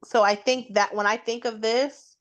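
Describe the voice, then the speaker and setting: A woman in a casual Bible study discussion who laughs easily and talks in a warm way. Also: fairly high pitch, steady tone, normal speed.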